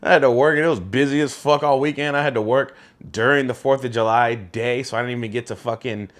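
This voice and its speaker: Laid-back, profane young podcast co-host. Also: male voice, mid-range voice, fairly even intonation, fast talker. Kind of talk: casual chat.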